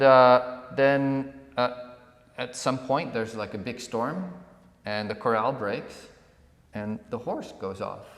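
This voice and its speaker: A man co-hosting a podcast, telling a parable in a relaxed conversational way and acting out the villagers' lines. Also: medium pitch. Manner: animated storyteller who acts out villagers. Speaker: podcast co-host. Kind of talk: conversational storytelling. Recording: echoey room with long reverb.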